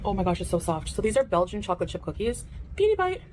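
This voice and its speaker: A woman chats to her viewers during an eating livestream, talking between bites and through mouthfuls. Her voice sits at a medium pitch. Steady noise runs under the livestream audio. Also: very fast, poor audio. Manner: talks while chewing, sloppy eating. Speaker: mukbang streamer.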